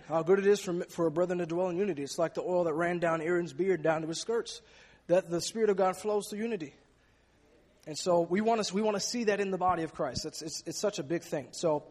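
A man's voice: high-pitched, fast talker, a little mellow, big-room sound. A man preaching a sermon in an emphatic way, often repeating words as he goes.

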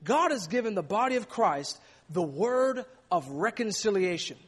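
A man's voice: high voice, big pitch swings, moderate pace, a bit bright, husky, big-room sound. A man preaching a sermon in an emphatic way, often repeating words as he goes.

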